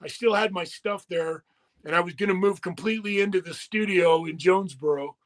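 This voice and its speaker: A man's voice: high-pitched, a little fast. An older man, a former wrestler, telling long profane anecdotes in a casual interview, acting out the people he quotes. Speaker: retired wrestler and musician, guest.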